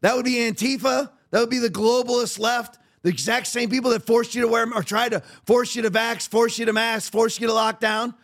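A man with a strikingly high voice rants through his podcast. His tone is heated and sarcastic, and he circles back to the same phrases again and again. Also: steady tone, fairly quick, hardly any pauses, a bit bright. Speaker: podcast host. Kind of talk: ranting political commentary.

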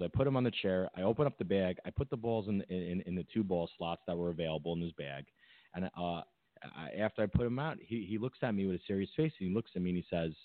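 A man's voice: low-pitched, dry recording. A man co-hosting a podcast, telling a rambling story in casual chat with many fillers and restarts. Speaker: podcast co-host. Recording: tinny phone-like line, dry.

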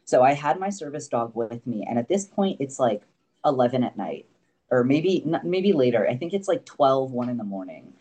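A man's voice: medium pitch, very animated, normal speed, mellow. A man guesting on a podcast, telling a long story in a loose, rambling way, full of fillers, casual swearing and little laughs. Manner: laughs often between remarks.

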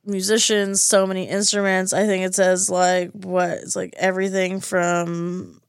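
A woman's voice: mid-range voice, monotone, a little slow, gravelly, smooth, dry recording. A woman co-hosting a podcast, animatedly retelling a TV episode and acting out the characters' lines with casual swearing, recorded in a studio. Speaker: podcast co-host.

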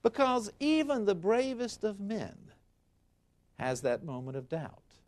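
A man's voice: high-pitched, takes it slowly. A man giving a history lecture, retelling an ancient tale dramatically and acting out the quotes. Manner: dramatic and expressive, acts out quotes. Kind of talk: storytelling lecture.

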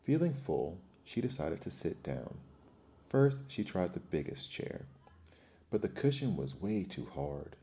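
A man narrating a children's fairy tale in an expressive, measured storytelling manner. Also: deep voice.

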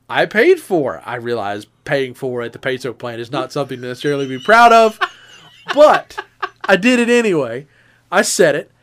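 This is a man with a high voice, co-hosting a podcast and telling a personal story in relaxed, casual chat. He tells it in an animated way and jumps up into a squeaky register whenever he quotes a woman. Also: moderate pace. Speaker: podcast co-host.

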